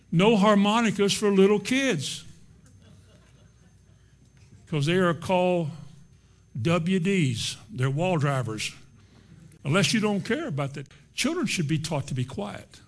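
A middle-aged man preaching a sermon in an emphatic, repetitive, folksy way. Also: high-pitched.

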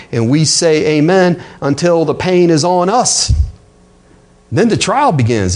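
Addressing his congregation with frequent rhetorical questions, this pastor delivers his sermon in a conversational style. He has a slightly high voice with a somewhat dark tone.

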